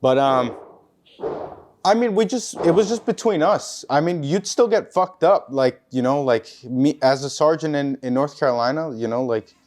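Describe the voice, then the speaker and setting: Easygoing, halting male podcast guest. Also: on the high side, darkish tone. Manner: easygoing, halting, with filler restarts. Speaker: podcast guest, former military police Marine. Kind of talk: casual chat.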